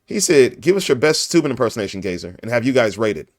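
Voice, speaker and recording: A man's voice: medium pitch, big pitch swings, quick pace, darkish tone, dry recording, clean studio sound. Goofy joking podcast host, a man. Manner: joking, goofy, laughs often. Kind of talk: casual podcast chat.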